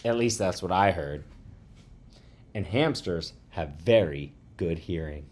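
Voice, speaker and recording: A man reading a children's chapter book aloud to students, warm and expressive. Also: low-pitched, slow, a little hiss or hum.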